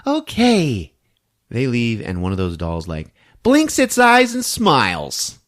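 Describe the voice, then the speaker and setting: A man's voice: mid-range voice, huge pitch swings, measured pace, fairly bright tone. A man hosting a podcast, recapping a movie for laughs, often laughing and breaking into character voices. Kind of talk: comedic movie recap with acted-out quotes.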